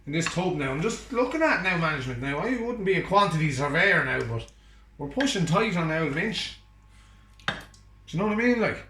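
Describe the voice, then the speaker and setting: A bright, lively Irish man jokes his way through cooking at home and teases someone off camera. His voice sits a little high and swings up and down a lot. He sounds like he is in an echoey kitchen. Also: fairly quick, slight background noise. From Ireland. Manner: chatty, joking banter with an off-camera partner. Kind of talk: casual chat while cooking.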